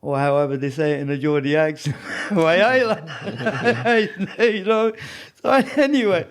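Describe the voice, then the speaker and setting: A man's voice: fairly high pitch, measured pace. A man telling prison stories in a casual interview, rambling with lots of "you know what I mean". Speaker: podcast guest.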